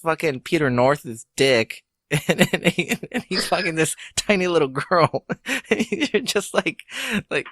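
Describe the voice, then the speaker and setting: A man's voice: lively intonation, unhurried, no room sound. A man co-hosting a podcast, telling a story in casual chat, swearing a lot and laughing through it. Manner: laughing, swearing, drops to a low hush for quoted lines. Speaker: podcast co-host.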